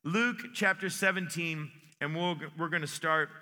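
Bright-voiced male pastor in echoing church. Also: on the high side, unhurried. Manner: folksy, joking storyteller with many restarts. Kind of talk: sermon. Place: church sanctuary.

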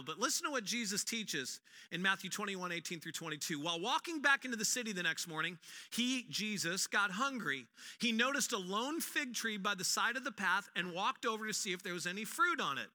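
A male pastor giving a sermon, an animated storyteller who acts out quotes with humor, in an echoey hall. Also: high voice.

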